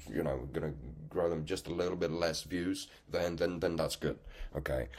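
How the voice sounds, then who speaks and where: A man with a very deep, husky voice rants bluntly and with open contempt. He swears freely and keeps tagging his points with "okay?". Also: a little mellow. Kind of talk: angry profane rant to camera.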